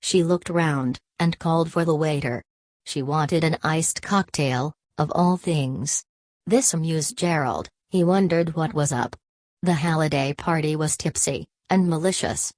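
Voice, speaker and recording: A woman narrating an audiobook in a measured way, reading punctuation marks aloud. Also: sits low, darkish tone, no echo. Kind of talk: scripted narration.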